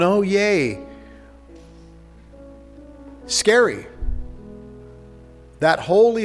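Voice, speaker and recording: A man preaching a conversational communion sermon, telling the story with animated asides. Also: medium pitch. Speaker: pastor. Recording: reverberant hall with faint music.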